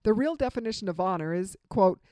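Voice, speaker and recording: A woman giving a spoken lecture on marriage advice, with an emphatic, expressive delivery and dramatic pauses. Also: medium pitch, no echo. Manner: acts out example dialogue in vivid voices. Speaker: marriage relationship speaker.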